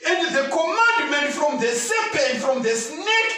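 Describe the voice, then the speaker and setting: A man preaching with a very high, lively, swooping voice that rises into fervent shouts for emphasis. His tone is bright and forceful. He sounds distant from the mic, in a heavily echoing room. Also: a little slow. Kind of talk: sermon.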